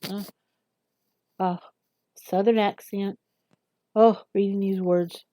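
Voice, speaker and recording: A woman reading a text aloud slowly, stumbling over words and breaking off for quick casual asides. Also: mid-range voice, fairly even intonation, warm tone, no echo. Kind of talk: halting read-aloud with asides.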